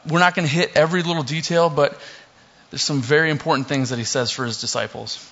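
Quick and on the high side, a young pastor's voice runs through a casual sermon with scripture reading. He stays relaxed, drops joking asides and many fillers, recorded in muffled, dull lo-fi.

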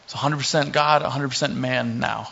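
Brisk and creaky with a breathy edge, this mid-range male voice belongs to a young pastor in a relaxed sermon. Scripture readings mingle with joking asides and numerous fillers, on dull, muffled lo-fi audio.

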